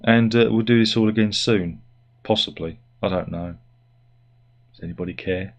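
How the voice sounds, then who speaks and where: This is a middle-aged man with a fairly low voice, holding forth in a loose, casual monologue. He rambles and keeps cutting himself down with dry, sardonic asides. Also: moderate pace, highs cut off. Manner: rambling, sardonic and self-deprecating. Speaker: YouTube host.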